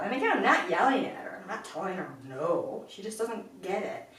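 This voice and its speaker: A woman dog trainer explaining a lesson calmly, breaking into high-pitched praise for her puppy. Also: moderate pace. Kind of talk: instructional explanation. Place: indoors, sitting on the floor. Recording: very echoey room, voice far from the mic.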